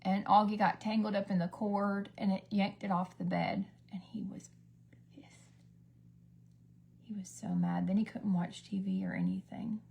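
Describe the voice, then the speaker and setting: A woman's voice: medium pitch, lively intonation, normal speed, vocal fry, long pauses, darkish tone, breathy edge, highs cut off. A woman chatting casually on a livestream while doing her makeup, rambling from one story to the next and sometimes dropping to a whisper. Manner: rambling, chatty, drifts between stories. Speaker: beauty vlogger. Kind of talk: casual get-ready-with-me livestream chat.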